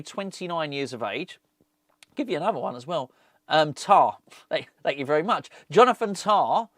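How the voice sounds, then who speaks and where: A man's voice: mid-range voice, a bit bright, dry recording, clean studio sound. A middle-aged man, hosting a fan channel and chatting casually on his own with rambling, jokey asides. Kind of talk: casual solo football chat.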